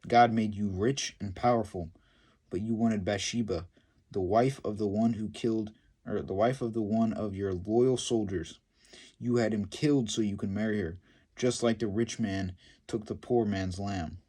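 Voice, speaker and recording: A man's voice: on the low side, steady tone, normal speed, warm tone, slightly rough. A man voicing a stern male prophet rebuking a king in a retold Bible story.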